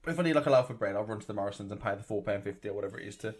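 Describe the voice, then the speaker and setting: Fast-talking podcast co-host. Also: male voice, fairly low pitch. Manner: quick, laughing banter. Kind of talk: casual chat.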